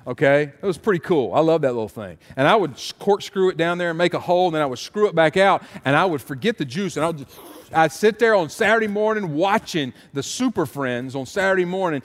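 A middle-aged man preaching a sermon as pastor, animated and emphatic with repeated refrains. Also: on the high side, fast talker. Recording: long hall reverb.

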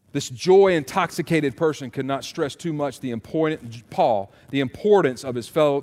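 A middle-aged man preaching a sermon as pastor, animated and emphatic with repeated refrains. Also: mid-range voice. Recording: long hall reverb.

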